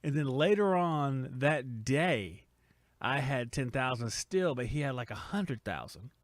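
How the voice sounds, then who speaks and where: A man's voice: medium pitch, animated, measured pace, dry recording. A man hosting a casual live stream, reading viewers' comments off the screen and riffing on them with teasing jokes. He rambles loosely from one thought to the next. His voice sits in an ordinary middle register and sounds close and dry on a studio mic. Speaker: podcast host reading live chat.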